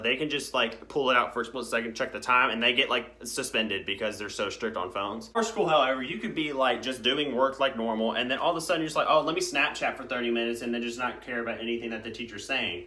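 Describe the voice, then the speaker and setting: A young man, telling high school stories in a rambling, casual vlog. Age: young adult. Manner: rambling, filler-heavy, animated storytelling. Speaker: vlogger.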